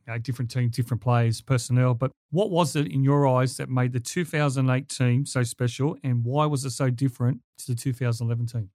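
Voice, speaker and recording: A man hosting a podcast interview, asking drawn-out questions. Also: mid-range voice, darkish tone, no echo, clean studio sound. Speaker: podcast host.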